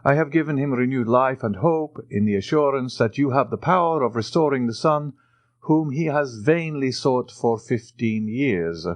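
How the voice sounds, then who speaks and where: A man doing a measured, assured count. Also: medium pitch, lively intonation, no echo, pitched above the performer's own voice, natural voice.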